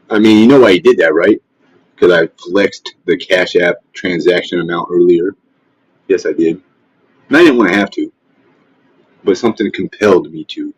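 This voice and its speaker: A man's voice: sits low, a little slow, pauses often, breathy edge, no echo. A man hosting a casual livestream, trash-talking and mocking in a profane, rambling rant. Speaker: livestream host. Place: at home, face not shown. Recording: dull, dry lo-fi stream audio.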